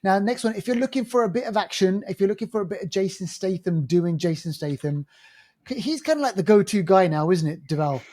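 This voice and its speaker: A man's voice: high voice, expressive, a little fast, mellow. A man with a London accent co-hosting a film podcast, chatting casually and rambling with lots of fillers and restarts. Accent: London English. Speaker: podcast co-host.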